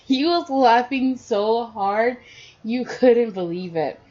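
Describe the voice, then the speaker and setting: A woman's voice: a little high, lively intonation, takes it slowly, warm tone. A woman casually reading fan fiction aloud to her listeners, with slips and restarts along the way. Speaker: storyteller. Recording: dull lo-fi audio.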